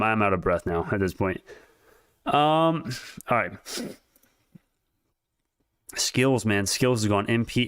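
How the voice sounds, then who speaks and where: Excitable male streamer, low smooth voice, rambling market chatter straight to chat, dry close mic. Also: no room sound. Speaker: stock market livestream host. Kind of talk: casual live market commentary.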